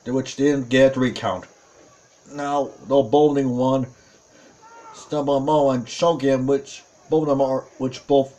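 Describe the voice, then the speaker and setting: Slow, excitable male wrestling commentator. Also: mid-range voice. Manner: excitable, with frequent exclamations and self-corrections. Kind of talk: play-by-play commentary.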